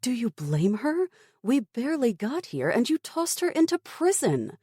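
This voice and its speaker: A woman's voice: medium pitch, sing-song, measured pace, dark tone, slightly rough, no echo, clean studio sound, voice pushed up. Woman voicing a desperate woman scientist. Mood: pleading. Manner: insistent, pleading, rising to anger. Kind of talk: audiobook character voice.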